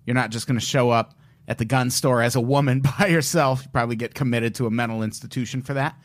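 A man's voice: medium pitch, steady tone, fast talker. Man co-hosting a casual crime podcast. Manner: joking, retells cases with asides. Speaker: podcast co-host. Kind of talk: casual true-crime chat.

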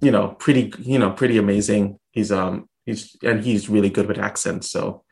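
A man from St. Thomas in the U.S. Virgin Islands, an author talking through his answers in a thoughtful, measured way with pauses and restarts during an interview. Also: lowish voice, fairly even intonation, vocal fry, a little mellow. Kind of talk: casual interview conversation.

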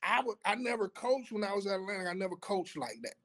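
A man's voice: sits high, animated, fast, a bit bright. A man, a former coach and athletic director, talking reflectively in conversation. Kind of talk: conversational interview.

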